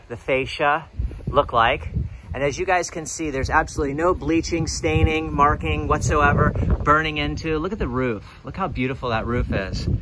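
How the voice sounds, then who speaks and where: This casual walkthrough vlog has a fairly high-pitched man who owns a pressure washing business, filming as he circles a house outdoors. He's chatty and plain-spoken, with lots of ums and uhs, and background noise can be heard.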